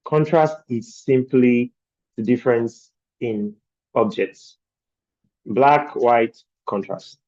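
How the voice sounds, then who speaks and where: A man's voice: mid-range voice, takes it slowly, darkish tone, no room sound, lo-fi sound. A man teaching design principles in a virtual training session, explaining patiently and asking rhetorical questions of his class. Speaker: design instructor.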